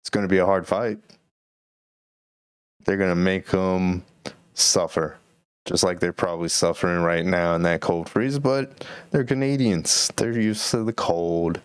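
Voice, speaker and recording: Slow, deep-voiced rambling man. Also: fairly even intonation, smooth, no room sound, clean studio sound. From Texas. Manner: rambling, musing, laid-back. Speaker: podcast host. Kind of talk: casual solo commentary.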